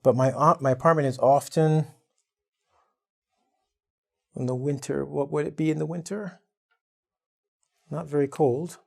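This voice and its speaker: A man's voice: a little high, fairly even intonation, unhurried, gravelly, pauses often. A man from Canada teaching an online English lesson, playful and acting out exaggerated quotes.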